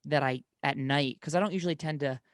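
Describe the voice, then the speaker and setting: A young man with a fairly high-pitched voice talks fast, telling rambling personal stories in casual conversation. He's a rambling storyteller who often corrects himself mid-sentence.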